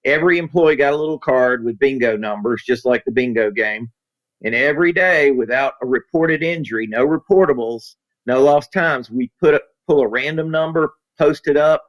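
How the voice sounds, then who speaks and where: Male consultant, folksy and animated, spins anecdotes in conversation. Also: medium pitch, normal speed, poor audio. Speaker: safety consultant and author. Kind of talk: storytelling in a podcast interview.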